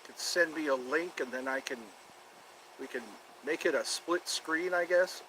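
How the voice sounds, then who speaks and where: Man, livestream host, outdoors, rambling, repeats himself, slightly high voice, faint traffic behind. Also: normal speed, bright, forceful tone, poor audio. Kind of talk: casual solo livestream chat. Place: outdoors near his home.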